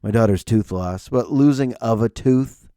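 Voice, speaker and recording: A man's voice: mid-range voice, normal speed, dark tone, clear, resonant tone, no room sound, clean studio sound. A man in his forties hosting a podcast, telling stories casually and sarcastically and acting out the people in them. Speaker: podcast host. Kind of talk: casual solo storytelling.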